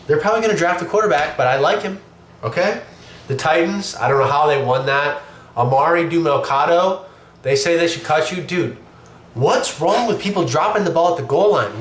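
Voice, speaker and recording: A man's voice: fairly high pitch, a bit bright. A young man hosting a casual sports opinion show, blunt and profane, sick with a cough. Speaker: show host. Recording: echoey room with faint noise.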